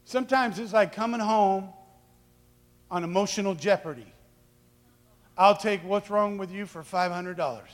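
A man preaching a lively sermon, acting out quoted voices and shouting for emphasis. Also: high-pitched, moderate pace, long pauses, in a large hall. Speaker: pastor.

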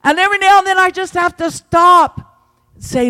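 High-voiced fervent preacher in a reverberant hall. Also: male voice, normal speed. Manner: fervent preaching with big swings in pitch and loudness. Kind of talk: evening sermon. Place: church sanctuary.

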